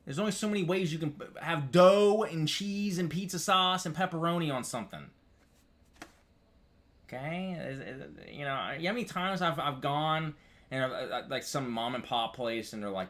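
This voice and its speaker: A man from upstate New York talking casually to his chat. He rambles, restarts his sentences and curses a lot, calling everyone "dude", and his voice climbs high and loud when he gets worked up. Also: lively intonation, moderate pace.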